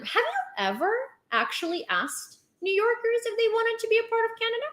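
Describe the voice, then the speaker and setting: A woman's voice: extremely high pitch, sing-song, brisk, hardly any pauses, a bit bright. A young woman, ranting on her vlog in an exasperated, sarcastic way, swearing and firing off rhetorical questions. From Ukraine. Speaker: vlogger. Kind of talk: heated commentary rant.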